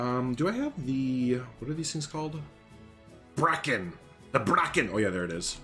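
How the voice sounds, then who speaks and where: A man's voice: mid-range voice, very animated, moderate pace, music in the background. A young man chatting casually on a live stream while he builds in a game, rambling, humming and greeting viewers by name.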